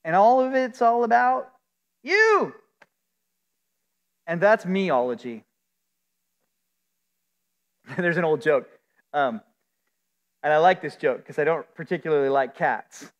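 High-voiced male pastor in a reverberant hall. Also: sing-song, lo-fi sound. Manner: earnest, emphatic preaching with drawn-out stresses. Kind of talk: sermon.

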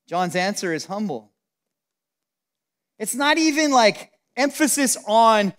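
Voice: medium pitch, lively intonation, slow. A Bible teacher giving a casual, emphatic teaching, talking conversationally with frequent "like" fillers.

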